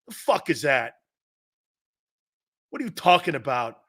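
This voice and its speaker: A middle-aged male sports talk host with a bright, forceful voice that sits a little high for a man. He rants fired-up and profane, hammering points by repetition, jumping from loud outbursts to low, intense asides. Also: big pitch swings, unhurried, long pauses. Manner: fired-up, preachy, repeats for emphasis. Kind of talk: opinionated sports talk rant.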